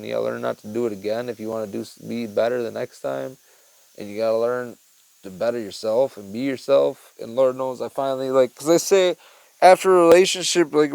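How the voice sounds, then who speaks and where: A man's voice: mid-range voice, creaky, a little mellow, poor audio. A young man hosting his own podcast, talking in a rambling, profane, heartfelt way with lots of fillers. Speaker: podcast host. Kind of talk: casual monologue.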